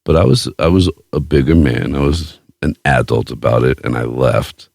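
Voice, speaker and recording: A man hosting a podcast, telling a story in casual chat with a profane, boastful, animated way of talking. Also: extremely low pitch, normal speed, vocal fry, no room sound, studio quality, soft background music. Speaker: podcast host.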